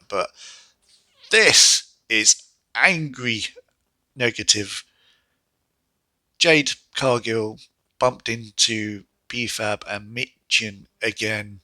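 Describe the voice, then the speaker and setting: A man reviewing wrestling in a rambling, exasperated chat, sighing and jumping into high mocking voices. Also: fairly bright tone, dry recording. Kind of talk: casual solo review.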